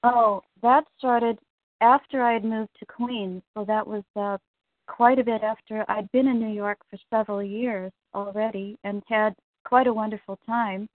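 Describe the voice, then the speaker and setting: A young woman being interviewed as a guest on a call, soft-spoken and hesitant, pausing often. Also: medium pitch, fairly even intonation, no echo. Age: young adult. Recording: dry, tinny phone line.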